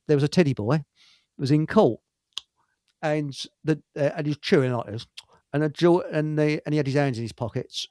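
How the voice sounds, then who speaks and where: A man's voice: on the high side, a little mellow, dry recording. A man hosting a casual live-stream chat, telling stories in a rambling, hesitant way with many fillers. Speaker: host.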